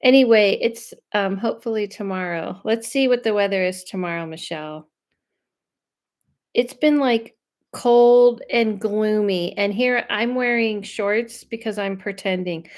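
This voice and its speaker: A woman from Los Angeles, a medium and host of her own live stream, chatting loudly and casually with viewers and reading out their comments. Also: mid-range voice, measured pace. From Los Angeles, USA. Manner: loud, chatty, trails off and restarts, laughs often.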